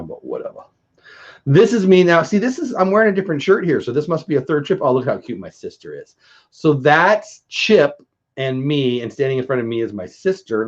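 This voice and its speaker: A man's voice: medium pitch, highs cut off. A man in his fifties, a grandfather, chatting casually and joking at his own expense while looking through old family photos. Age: 50s. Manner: joking, self-mocking. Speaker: vlogger. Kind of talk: casual chat.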